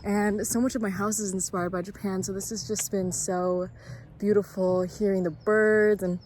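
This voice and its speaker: A woman's voice: medium pitch, fairly even intonation, moderate pace, a little mellow, slight background noise. A 21-year-old woman from Canada, gushing and slangy as she talks straight to her viewers while vlogging outdoors at a festival park. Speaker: travel vlogger. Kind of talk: casual travel vlog.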